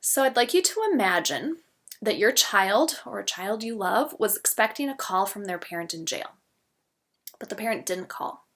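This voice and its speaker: A woman gently explaining parenting steps, modeling soothing phrases for children. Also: mid-range voice, animated, normal speed. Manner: gentle, explains step by step with spoken examples. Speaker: parenting educator. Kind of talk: instructional talk with example phrases.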